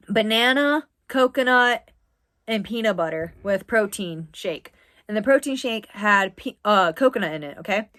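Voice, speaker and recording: A woman's voice: mid-range voice, fairly bright tone. Chatty young woman telling a story. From US East Coast. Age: 20s. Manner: chatty, rambling with frequent "like". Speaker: vlogger. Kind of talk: casual story time.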